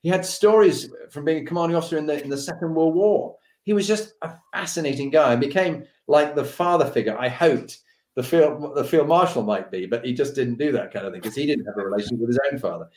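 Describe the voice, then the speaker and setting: A man's voice: a little high, fast talker, a little mellow, reverberant. A man telling an anecdote from his army days, acting out the dialogue with different voices and laughing as he goes. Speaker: storyteller recalling army days.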